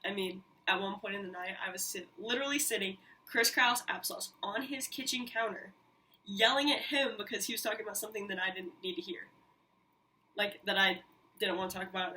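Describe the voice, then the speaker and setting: A woman hosting her own podcast, telling a personal story in an animated, candid way, with frequent swearing and quick asides. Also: medium pitch. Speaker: podcast host. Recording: mic a little distant, faint hiss.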